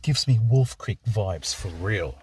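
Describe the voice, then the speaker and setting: A man's voice: fairly low pitch, expressive. A young man vlogging from a car at night, swearing constantly as he rants casually to a friend. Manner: ranting, swears constantly, slow drawling pace. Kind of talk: casual profane rant to a friend. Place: car on a dark road at night. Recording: loud car engine noise behind. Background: car engine and road noise.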